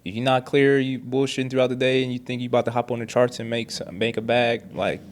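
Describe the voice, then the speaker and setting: Laid-back slangy man, mid-pitched. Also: flat delivery, fast, slight background noise. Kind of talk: casual chat.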